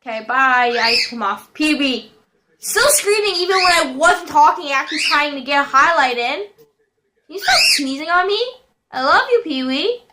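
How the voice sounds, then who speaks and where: A young woman giving casual commentary over a football video game, shouting and squealing at plays and chatting to her pet bird. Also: high voice, lively intonation, moderate pace, slight background noise. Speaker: gaming video host.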